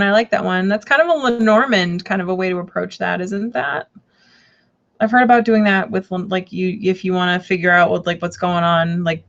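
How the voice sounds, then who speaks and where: A woman hosting a casual live tarot stream, rambling and chatty with lots of fillers and restarts. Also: lowish voice. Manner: rambling, chatty, full of fillers and self-corrections. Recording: dull lo-fi stream audio.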